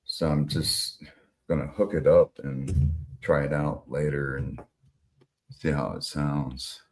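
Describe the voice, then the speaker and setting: A man with an extremely low voice hosts a live stream at a slow, unhurried pace. He rambles loosely with plenty of fillers and casual swearing. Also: flat delivery, a little hiss or hum.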